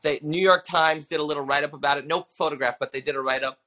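A comedian in his thirties, appearing as an impressionist guest on a casual podcast, tells animated stories at a quick clip. His pitch runs fairly high, and he acts out everyone he quotes.

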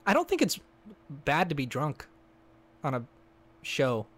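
Joking, rambling higher-voiced man. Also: huge pitch swings, measured pace. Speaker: podcast co-host. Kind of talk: casual banter.

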